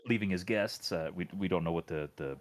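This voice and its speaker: A man's voice: low voice, a little fast, slight background noise. A man hosting a casual livestream, interviewing guests in a rambling, chatty way. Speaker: host.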